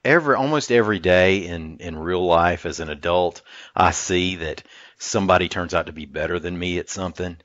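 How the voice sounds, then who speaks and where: A man's voice: low voice, a little fast, a bit bright, no echo, highs cut off. A man co-hosting a casual chat, joking and rambling with frequent chuckles. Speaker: co-host.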